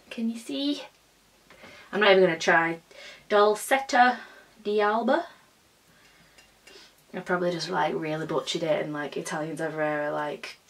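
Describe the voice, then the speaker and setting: A woman's voice: medium pitch, fairly bright tone, distant mic. Bubbly young woman vlogging. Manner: bubbly and chatty, with drawn-out exclamations. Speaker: beauty vlogger. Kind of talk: casual unboxing chat.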